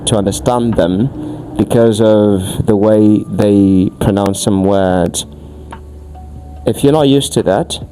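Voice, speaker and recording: An Angolan man, an English teacher fielding questions on a podcast, explains at length in a lowish, warm voice. He's emphatic and keeps restarting his phrases, with slight noise in the background.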